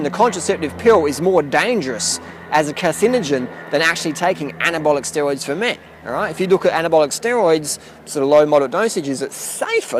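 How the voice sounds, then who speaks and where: A man's voice: a little high, a little hiss or hum. A man vlogging outdoors, ranting bluntly and profanely in a rambling way. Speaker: cycling vlogger. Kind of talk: casual rant to camera. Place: outdoors near a boat.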